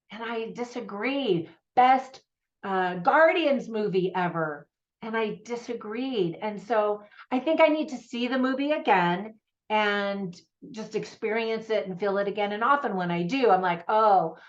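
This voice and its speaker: Woman movie reviewer, casual and chatty, laughs often, mid pitch, muffled lo-fi recording.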